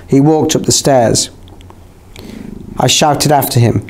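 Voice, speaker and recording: A man narrating an audiobook in a steady, measured reading. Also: medium pitch, vocal fry. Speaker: audiobook reader. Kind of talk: scripted narration.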